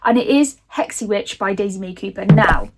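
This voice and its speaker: Casual woman book vlogger, rambling and giggly, swears freely, mid-pitched. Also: normal speed, noisy background. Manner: chatty, rambling, swears casually, laughs often.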